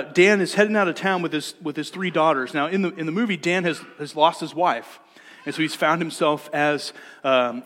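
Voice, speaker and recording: A man preaching a sermon as pastor, in a relaxed conversational way that often repeats words as he restarts. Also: fairly high pitch. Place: church sanctuary. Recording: long church reverb.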